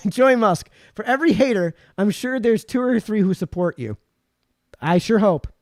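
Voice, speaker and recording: Guy with a high-ish voice running a live stream, rambly and animated, sore throat, dry close sound. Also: moderate pace, no echo. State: sore throat after hours of talking. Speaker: livestream host. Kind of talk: casual live talk reading viewer comments.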